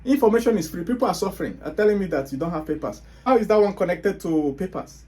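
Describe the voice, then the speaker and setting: This host is a Nigerian man with a Nigerian accent whose high, warm voice moves at a quick, expressive clip. His motivational monologue is emphatic and hectoring, full of rhetorical questions that hammer each point home.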